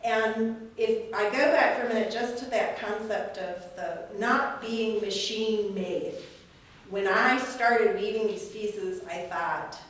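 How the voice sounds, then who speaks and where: A woman's voice: medium pitch, steady tone, slow, fairly bright tone. A woman giving a casual, reflective gallery talk about her weaving, rambling and laughing often. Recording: echoey room from a distance, faint noise.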